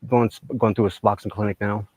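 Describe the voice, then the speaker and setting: Flat, monotone middle-aged man. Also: on the low side, fast, dry recording. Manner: flat monotone, short answers. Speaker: interviewee. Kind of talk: interview.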